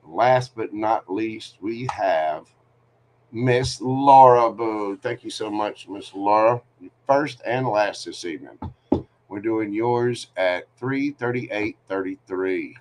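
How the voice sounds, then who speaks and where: A man's voice: fairly low pitch, takes it slowly, slight background noise. A man hosting a live tarot reading stream, giving candid, joking, rambling advice. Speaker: tarot reader host.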